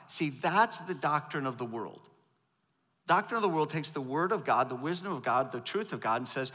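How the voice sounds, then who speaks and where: A man delivers a sermon in a large church auditorium, mixing jokes with calls for the congregation to repeat after him. His voice sits a little high and sounds very bright. A long reverb trails behind every phrase. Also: animated, brisk. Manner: joking, calls for audience responses. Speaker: pastor.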